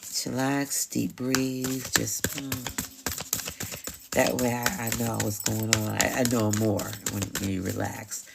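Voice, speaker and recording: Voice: mid-range voice, level tone, slow, gravelly, very noisy. A tarot reader hosting a live stream, talking casually and bluntly with slang, swearing and frequent laughs.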